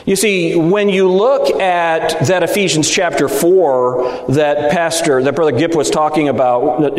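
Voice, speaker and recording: A middle-aged Baptist preacher delivers an emphatic sermon in a big, echoey sanctuary. His voice sits a touch high for a man and rings out with a long reverb. He keeps tossing rhetorical questions at the room to make sure they are with him. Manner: emphatic, rhetorical, seeking agreement from the audience. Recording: echoey hall, speaker at times off mic.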